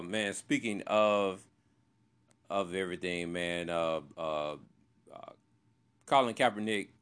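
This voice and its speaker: A man with a very low, deep voice hosts a casual solo podcast. He talks loosely and chats with the listener, dropping "man" and fillers into nearly every sentence. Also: fairly bright tone, clean tone. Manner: loose and chatty, says "man" constantly, many fillers. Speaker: podcast host.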